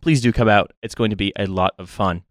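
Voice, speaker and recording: A man's voice: lowish voice, steady tone, fairly quick, no room sound, studio quality. A man hosting a podcast in casual chat, laughing often and swearing freely. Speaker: podcast host.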